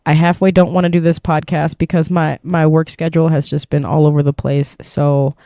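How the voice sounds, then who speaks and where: Sleep-deprived and groggy, a podcast host rambles and curses through a laid-back solo episode recorded in her van. She talks fairly quickly in a low, level, dark-toned voice, and the audio is studio quality without any room sound.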